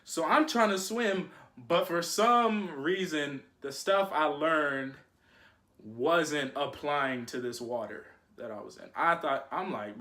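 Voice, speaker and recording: Young guy telling a story, slangy and animated, bright tense voice, kinda high. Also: takes it slowly. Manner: slangy, animated, keeps saying "you feel me". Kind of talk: casual storytime monologue.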